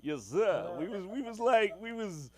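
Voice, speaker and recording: A man doing an impression of his forgetful dad, loud and drawling, trailing off mid-thought. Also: high-pitched, sing-song, measured pace, no room sound, voice pushed up, exaggerated voice. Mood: rambling.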